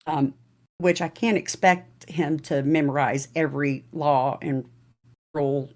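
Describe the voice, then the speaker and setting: A woman on a political talk show panel who speaks hesitantly, with many pauses and repeated words. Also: deep voice, fairly even intonation, darkish tone. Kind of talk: casual political discussion.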